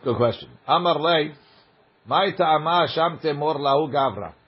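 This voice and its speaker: Male Talmud teacher, husky voice, dull lo-fi recording, reads text then explains it casually. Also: a little high, unhurried. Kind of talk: Talmud study class.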